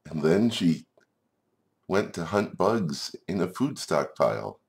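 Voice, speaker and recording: A man's voice: low voice, sing-song, takes it slowly, gravelly. A man narrating a game like a storybook, playful, with chuckling asides. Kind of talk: storybook narration over gameplay.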